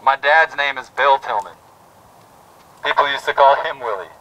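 A man's voice: medium pitch, normal speed, pushed and bright, recorded from a distance, highs cut off. A man speaking at an outdoor protest rally, telling a personal story with heartfelt restarts. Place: outdoor town plaza.

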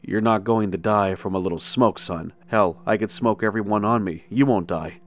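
A man voicing a blunt, gruff cowboy stranger in his fifties in a spoken horror story. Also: lowish voice, moderate pace, natural voice. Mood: menacing. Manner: blunt, gruff, calls him boy.

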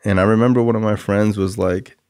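Young male podcast host, gravelly low register, dry close recording; rambling, self-critical confessional storytelling. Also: fairly even intonation, a little fast, a little mellow, dry recording. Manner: rambling, frequent "like" and "um" fillers. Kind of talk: casual storytelling monologue.

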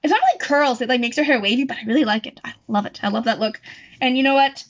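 Young woman, high voice, chatty and rambling, often corrects herself; dull lo-fi home recording. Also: quick pace. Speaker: YouTuber. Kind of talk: casual chat.

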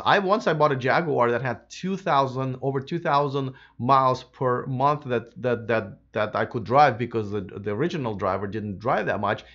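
A man hosting a live stream, chatting casually with lots of fillers and restarts, his voice a bit hoarse from a sore throat. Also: mid-range voice, a bit bright, lo-fi sound. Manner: rambling, many fillers and restarts. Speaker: livestream host.

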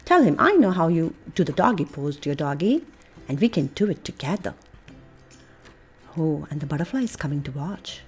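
A woman with an American accent, a preschool teacher reading a picture book and leading children through playful yoga poses, coaxing and animated with soft breathy asides. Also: deep voice, moderate pace, soft background music.

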